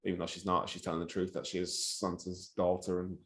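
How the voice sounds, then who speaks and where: A man's voice: low voice, monotone, quick pace, a bit bright. A man, co-hosting a casual film review podcast, laid-back and laughing along with wry comments. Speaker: podcast co-host.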